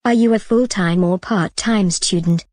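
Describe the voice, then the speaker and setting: A woman reading scripted exam questions as the examiner, in a plain, measured way. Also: medium pitch, darkish tone, no room sound, clean studio sound.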